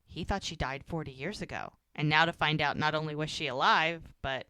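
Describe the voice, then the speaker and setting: A woman's voice: low-pitched, brisk, sharp tone, dry recording. A woman co-hosting a podcast, animatedly recapping a TV episode in casual chat, acting out lines as she goes. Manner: chatty, with frequent "like" fillers. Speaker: podcast co-host.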